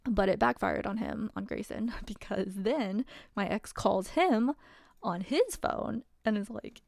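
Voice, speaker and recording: A woman's voice: medium pitch, animated, a little slow, gravelly, no room sound, studio quality. A woman telling a personal story in a casual, wry way, full of fillers. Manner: chatty, wry, many fillers and laughs.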